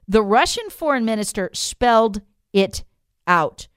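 An American woman delivers opinion commentary in a smooth, resonant voice pitched a bit high. The sound is dry and close. Her tone is emphatic and incredulous, driven by rhetorical questions. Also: sing-song, moderate pace, no room sound. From United States. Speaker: political commentator.

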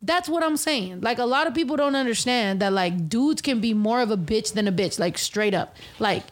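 Young woman, high-ish voice, swearing a lot, telling a wild story to friends. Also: normal speed. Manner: profane, animated storytelling. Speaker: podcast host and rapper. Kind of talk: casual storytelling chat.

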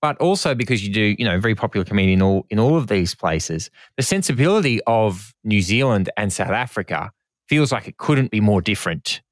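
A man hosting a casual chat, talkative and quick to laugh. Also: lowish voice, expressive, no echo, studio quality. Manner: chatty, laughs a lot. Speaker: podcast host.

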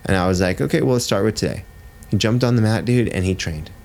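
Deep-voiced guy in his 30s, jiu-jitsu coach, swears a lot, keeps saying dude. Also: quick pace, darkish tone. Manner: blunt, swears freely, says "dude" often. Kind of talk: casual podcast storytelling.

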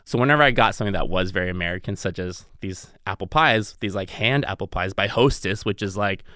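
A man's voice: sits low, quick pace, pushed and bright, dry recording, clean studio sound. Playful giggly man in a podcast chat. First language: Cantonese. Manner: playful, giggly, talks with many "like" fillers. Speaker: guest chef.

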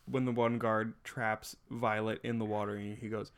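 A man's voice: fairly low pitch, level tone, moderate pace, clean tone. Man, podcast host, joking casual movie chat. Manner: joking, teasing.

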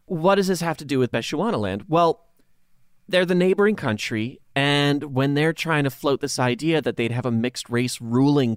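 A man's voice: medium pitch, dry recording, studio quality. A man co-hosting a podcast, telling history casually with profane, sarcastic asides. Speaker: podcast co-host.

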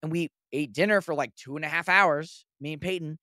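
A man hosting a podcast, telling animated stories with acted-out quotes and frequent laughter. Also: fairly high pitch, a little fast, dry recording, clean studio sound. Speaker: podcast host. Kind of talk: casual podcast chat.

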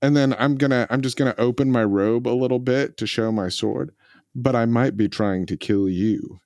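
رجل يلعب لعبة أدوار على الطاولة، يتكلم بمرح ويدخل في شخصيته. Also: male voice, mid-range voice, normal speed, darkish tone, no echo, studio quality. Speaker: player. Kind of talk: playing a tabletop game.

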